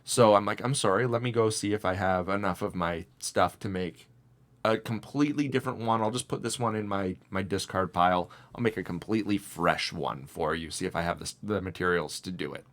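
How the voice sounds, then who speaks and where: A young man co-hosting a casual podcast, telling a story in an animated way and mimicking the voices of the people in it. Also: low voice, brisk. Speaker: podcast co-host.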